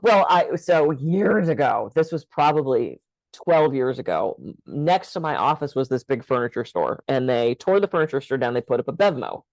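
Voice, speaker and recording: A woman's voice: rumbling low, darkish tone, dry recording, poor audio. Candid older woman telling a story. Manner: candid, storytelling, laughs often. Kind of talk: casual conversation.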